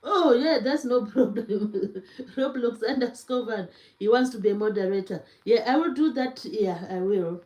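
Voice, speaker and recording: A woman's voice: on the high side, moderate pace, dark tone. A woman hosting a casual livestream, greeting chat viewers by name at an easy pace. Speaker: cooking livestream host. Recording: echoey room.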